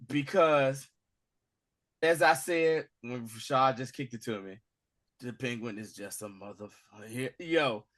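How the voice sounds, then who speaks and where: A man hosting a casual recap, acting out scenes with slang and swings from loud to hushed. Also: medium pitch, a little slow. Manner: acts out scenes in dramatic voices, swinging from shouting to hushed; profane, street slang. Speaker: podcast host recapping a TV episode.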